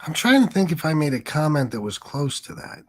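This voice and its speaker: A man's voice: fairly high pitch, very animated, fairly quick. A middle-aged man hosting a livestream, talking in a defensive, rambling, profane way. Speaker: livestream host. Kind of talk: casual livestream monologue.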